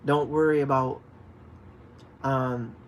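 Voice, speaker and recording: A man hosts a relaxed fishing livestream, talking straight to his viewers in an easygoing way. He tells his stories with animation and sometimes bursts out with loud, acted shouts. A faint hiss of noise sits under his voice. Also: medium pitch, takes it slowly. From DC, Maryland, Virginia area. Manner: animated storytelling, acts out shouted calls. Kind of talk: casual livestream chat, reading viewer comments.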